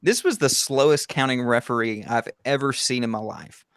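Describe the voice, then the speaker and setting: A man's voice: medium pitch, normal speed, fairly bright tone, smooth. A man co-hosting a casual podcast, chatting animatedly about wrestling and laughing often. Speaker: podcast co-host. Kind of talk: casual chat reviewing wrestling.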